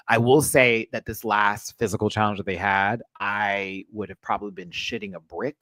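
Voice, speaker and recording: A man's voice: fairly low pitch, steady tone, brisk, few pauses, sharp tone, no echo. A man hosting a casual pop culture rant show, chatty, sassy and profane, full of asides.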